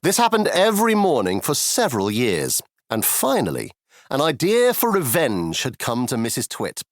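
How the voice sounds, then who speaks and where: A man's voice: mid-range voice, wildly swooping pitch, moderate pace, dry recording, studio quality. Playful man narrating a children's storybook. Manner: playful, conspiratorial asides to the listener. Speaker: audiobook narrator.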